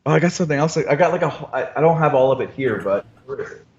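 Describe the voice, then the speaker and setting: A man's voice: mid-range voice, animated, racing, a little mellow, muffled recording. A man hosting a casual live trading stream, joking and rambling with frequent restarts. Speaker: stock trading livestream host. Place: Florida home trading room.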